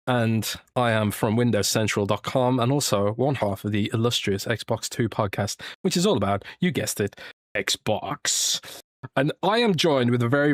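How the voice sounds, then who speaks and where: A British man hosts a relaxed podcast chat at an ordinary, middle pitch. He jokes, rambles and restarts his sentences often. The sound is dry and close, with no room echo. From Britain. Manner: jokey, rambling, with many restarts and fillers. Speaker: podcast host.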